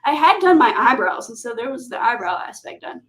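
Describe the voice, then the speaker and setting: A middle-aged woman talks through a casual business interview as host, an animated storyteller who slips into the voices of people she quotes. Her voice sits somewhat high. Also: brisk, rough recording.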